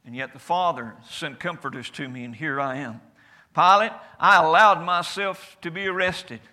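A man preaching in the first person as Jesus, a calm and certain adult man, with a declamatory delivery whose loudness rises and falls. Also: on the high side, normal speed. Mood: solemn. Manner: declamatory, rising and falling loudness. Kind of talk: first-person sermon monologue.

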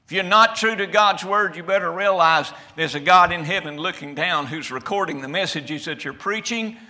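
A man preaches from the pulpit of a church, his voice high and piercingly bright. He builds to shouted peaks, then drops almost to a murmur to drive a point home. The delivery is fervent and rhythmic. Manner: preaching with sudden shouted climaxes and quiet drops. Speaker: pastor. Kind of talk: fiery sermon. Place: church sanctuary.

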